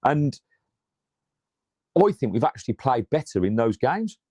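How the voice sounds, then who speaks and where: A man co-hosting a casual football podcast, excitable, swearing freely and repeating himself as he talks. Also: medium pitch, unhurried, slightly rough, no room sound. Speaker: podcast co-host.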